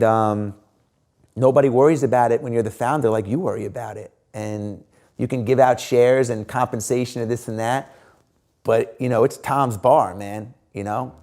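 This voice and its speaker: A middle-aged man, an interview guest, telling stories casually with many fillers and acted-out quotes. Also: fairly low pitch. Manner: animated, lots of fillers and quoted dialogue. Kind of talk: casual storytelling.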